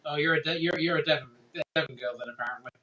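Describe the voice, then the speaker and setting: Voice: medium pitch, racing, pushed and bright, low-quality recording. An English co-host chatting casually, blunt and opinionated with a joking edge. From England. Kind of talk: casual chat.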